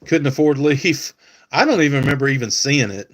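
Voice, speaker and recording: A man's voice: mid-range voice, expressive, fairly quick. A man hosting a casual live stream, talking to viewers by name and thinking aloud with many fillers. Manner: talks back to chat viewers by name.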